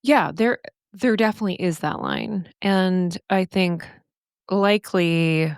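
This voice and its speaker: A middle-aged woman hosts a solo podcast, talking to her listeners in an earnest, candid and animated way. Her voice sits slightly low for a woman. The recording is dry and close, with no room sound. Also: takes it slowly, clear, resonant tone, no room sound. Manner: earnest, candid, animated, casual swearing and laughs. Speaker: podcast host and therapist coach.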